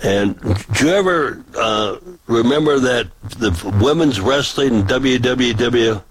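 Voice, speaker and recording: A man's voice: medium pitch, a little slow, low-quality recording. An older man, a street preacher, telling folksy stories in casual chat with many restarts. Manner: folksy, rambling with repeated restarts. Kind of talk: casual storytelling.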